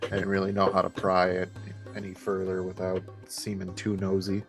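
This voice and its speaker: A man's voice: deep voice, monotone, moderate pace, soft background music. A man playing a tabletop role-playing game, jokey and casual, swearing now and then. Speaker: player.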